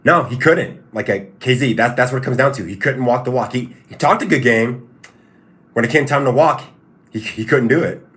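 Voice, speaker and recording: A man's voice: mid-range voice, normal speed, fairly bright tone. Stop-start man chatting on a livestream. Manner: repetitive, stop-start, emphatic. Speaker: livestream host and fighter. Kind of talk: casual livestream commentary, answering chat.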